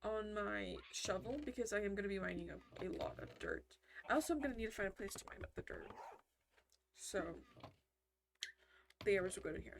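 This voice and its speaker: A woman's voice: medium pitch, a little fast, vocal fry, long pauses, noisy background. A woman giving casual, rambling commentary while she plays a video game, often breaking off mid-sentence. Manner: rambling, self-interrupting, chatty. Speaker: gaming commentator.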